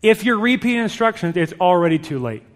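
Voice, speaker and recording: A middle-aged man preaching a sermon to parents, direct and emphatic, with lively storytelling. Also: sits high, quick pace, big-room sound. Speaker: pastor.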